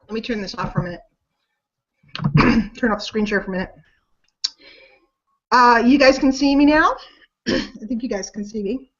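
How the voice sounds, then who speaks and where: A woman's voice: on the high side, measured pace, pauses often, lo-fi sound. A middle-aged woman hosting a casual sales webinar, talking in a chatty, rambling, self-deprecating way. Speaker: webinar host.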